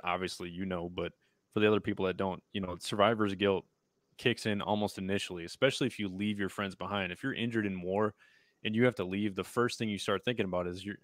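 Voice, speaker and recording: A man's voice: deep voice, fairly bright tone, no echo. A man hosting a podcast, talking bluntly and profanely with his guest. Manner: blunt, profane, quick backchannels. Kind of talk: casual podcast chat.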